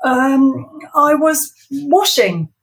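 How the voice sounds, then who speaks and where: A woman doing a jittery, squeaky flustered man. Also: lively intonation, drawn-out words, a bit bright, heavily acted. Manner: high, breathless, stammering. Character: nervous jittery man, flustered and eager to please.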